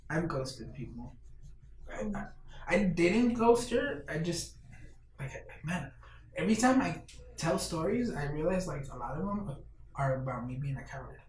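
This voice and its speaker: Chatting casually on his podcast, a man tells stories that poke fun at himself, his fairly high voice swinging widely in pitch at a moderate pace. It's recorded in an echoey room on a distant mic with faint noise.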